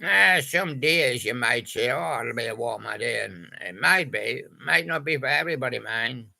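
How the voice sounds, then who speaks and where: An older man with a gravelly voice, rambling through a comic monologue of puns on old pop songs, slipping in sung snatches. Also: medium pitch, animated, sharp tone, poor audio. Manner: slow, rambling, punning, with little sung snatches and put-on bits. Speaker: storyteller doing joke monologue about old pop songs.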